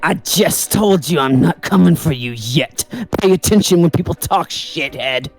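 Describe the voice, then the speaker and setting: A woman's voice: low-pitched, lively intonation, normal speed, soft background music. A woman voicing a bitter, vengeful male ex-convict while reading game dialogue, snarling, taunting and swearing.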